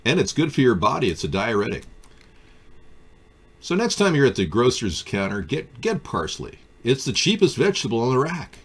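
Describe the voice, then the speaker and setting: A man's voice: medium pitch, sing-song, normal speed, slightly rough. Sardonic man riffing on a live stream. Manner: sardonic, riffs off viewer comments. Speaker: live stream talk show host. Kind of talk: casual political chat.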